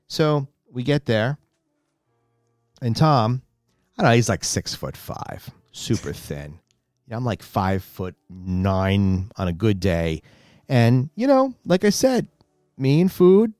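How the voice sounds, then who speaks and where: A man telling a long personal story in casual chat, animated and exasperated, growing indignant as he goes. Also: medium pitch, no room sound, clean studio sound. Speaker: guest storyteller.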